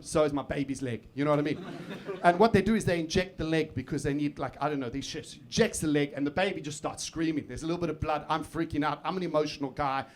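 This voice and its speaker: A man doing live stand-up on a comedy club stage, swinging from muttered asides to shouted outbursts. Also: on the high side, a little hiss or hum. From South Africa. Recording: live club recording with crowd laughter. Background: audience laughter.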